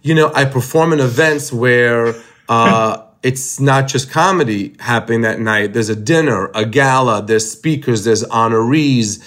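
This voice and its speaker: A man's voice: medium pitch, a little slow, fairly bright tone. A male comedian being interviewed, speaking casually with hesitant, repeated starts. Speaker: guest comedian.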